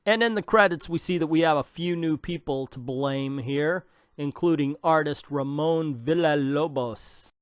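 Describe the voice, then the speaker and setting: Man, comic book reviewer, sarcastic rant, scornful, fairly high voice, dry sound. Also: unhurried, no room sound.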